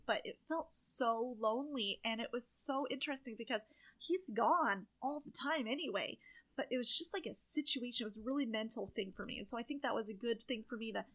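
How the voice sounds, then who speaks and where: A woman's voice: a little high, fairly bright tone. A young woman co-hosting a podcast, chatting casually and emotionally, often laughing. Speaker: podcast co-host. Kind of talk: casual chat.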